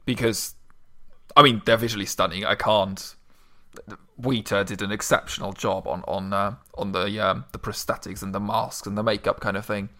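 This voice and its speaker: A man co-hosting a casual chat, hesitant with many fillers and repeats, breaking into animated bursts. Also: on the low side, moderate pace.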